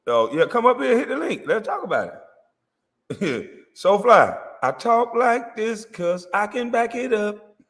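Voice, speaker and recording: A man's voice: high voice, big pitch swings, measured pace, fairly bright tone, big-room sound. A man hosting a livestream, ranting boastfully and profanely and laughing often. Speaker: livestream host. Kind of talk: comedic livestream rant.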